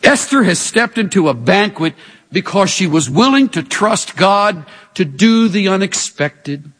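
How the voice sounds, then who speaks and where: A man delivers a sermon in an expressive, rhetorical style. His voice sits high and swings widely in pitch. The sound carries a long reverb, as if in a large hall. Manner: animated, expressive preaching with rhetorical questions. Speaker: pastor.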